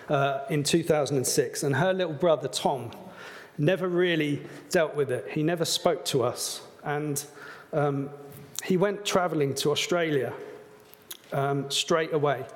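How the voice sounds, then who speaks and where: A man preaching with earnest warmth in a chatty, unpolished way, with "um"s and "like"s. His voice sits a little high for a man, and it rings out in a hall with a long reverb. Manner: earnest, conversational, with fillers. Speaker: pastor. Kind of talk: sermon.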